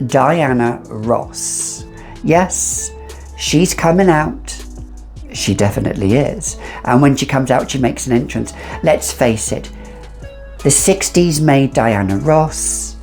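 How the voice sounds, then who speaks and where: A woman's voice: very deep voice, vocal fry, a little mellow. A middle-aged woman chatting casually and with strong opinions as she reviews a fragrance. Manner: chatty, opinionated, sassy asides.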